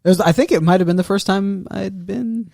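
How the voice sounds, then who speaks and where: A man's voice: high-pitched, moderate pace, vocal fry, darkish tone, dry recording, studio quality. A man co-hosting a podcast in casual chat, joking and opinionated, often trailing off mid-sentence. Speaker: podcast co-host.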